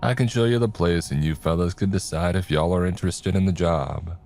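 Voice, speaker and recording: A man voicing a folksy aging flea-market owner in a cowboy hat, speaking in a slow, wistful drawl. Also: sits low, darkish tone, faint music behind. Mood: welcoming.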